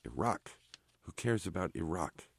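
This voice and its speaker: A man reading aloud, voicing a chatty, bossy army sergeant in an offhand, brisk manner. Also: low voice, very animated, husky, dry recording, exaggerated voice. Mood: brusque. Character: gruff chatty male army sergeant, blunt.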